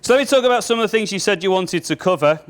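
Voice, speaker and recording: A man from England leads a sales workshop in front of a live audience. His voice sits a little high, and he talks in an upbeat, joking way while giving brisk instructions to the room. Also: animated, clear, resonant tone. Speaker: sales trainer.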